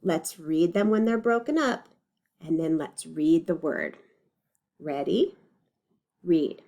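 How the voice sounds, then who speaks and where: In a recorded lesson video, a woman teacher guides young children through reading, carefully sounding out each word with patience and encouragement. Her voice is deep and gravelly yet mellow and soft-edged, and she keeps an unhurried pace.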